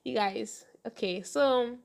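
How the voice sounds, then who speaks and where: A young woman hosting a casual advice podcast, talking fast and laughing often. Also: fairly high pitch, gravelly. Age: young adult. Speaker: podcast host.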